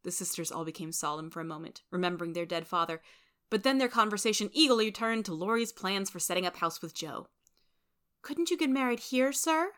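A woman narrating a storybook in a steady, clear reading voice. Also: fairly low pitch, fast talker. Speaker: reader.

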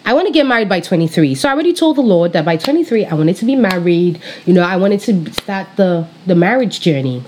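A woman in her thirties from Nigeria, with a Nigerian accent touched by British influence, telling her faith story in a bubbly, animated way. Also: on the low side, quick pace, few pauses, a little hiss or hum. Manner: bubbly, animated, laughs often, speaks straight to viewers. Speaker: pastor. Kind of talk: personal faith testimony, casual storytelling.

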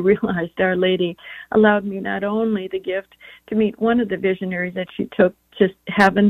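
A woman's voice: mid-range voice, dry recording. A middle-aged woman giving an earnest, devout personal testimony as a guest on a religious radio show. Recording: tinny phone line.

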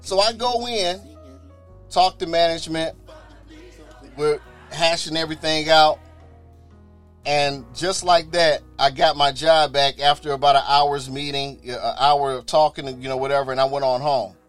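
A man with a somewhat high voice tells his own story in a loose, spoken testimony style. He brings the story to life by acting out what others said, and he often repeats words and starts over mid-sentence. Faint music plays softly behind him. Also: unhurried. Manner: animated, acts out others' voices in quoted dialogue. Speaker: storyteller sharing a personal testimony.

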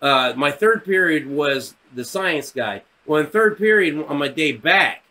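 Brief: thirties male podcast co-host, bright lively voice, animated storyteller who acts out voices and swears. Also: on the high side. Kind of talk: casual storytelling chat.

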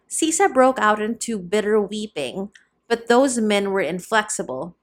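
A woman reading a novel aloud as audiobook narrator, in a steady, measured storytelling voice. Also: medium pitch.

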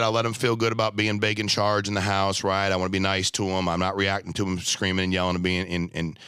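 A man with a fairly low voice tells stories at a quick clip, animated and emphatic. He acts out the people in his stories. The sound is dry and close, with no room around it. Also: dry recording. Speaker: life insurance agency owner. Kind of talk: casual podcast storytelling.

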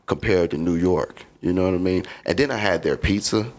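A man's voice: low voice, brisk. A man from Chicago, a comedian guest in a podcast studio, telling a rambling, profane story in a casual way and often asking "you know what I mean".

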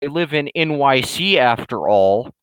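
A man voicing a belligerent, loudmouthed male internet troll in a higher, louder, slow and drawn-out ranting voice. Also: animated, clear, resonant tone, dry recording, lightly acted, rough recording. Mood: mocking rant. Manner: ranting, insulting, drawn-out emphatic delivery.

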